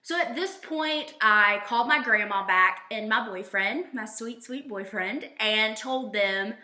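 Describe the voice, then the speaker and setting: A young woman telling a personal story in a casual, animated way, acting out the quoted lines. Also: unhurried, hardly any pauses, reverberant. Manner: animated, voices quotes with big jumps in pitch.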